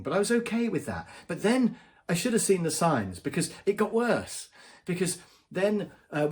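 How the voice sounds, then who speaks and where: A man, a business trainer, giving advice straight to camera in a conversational way. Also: fairly high pitch. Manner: conversational, acts out quoted voices. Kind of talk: direct-to-camera advice vlog.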